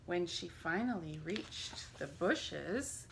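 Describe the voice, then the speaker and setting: A woman leading a church family program, reading a children's story aloud in an expressive storytelling manner. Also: lowish voice, extremely slow, vocal fry, slight background noise.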